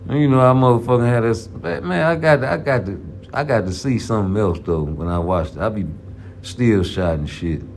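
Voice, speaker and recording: Boxing vlogger: gravelly man, rambling and profane, slang-heavy trash talk, faint hiss behind. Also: fairly low pitch, moderate pace. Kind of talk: casual trash-talking commentary.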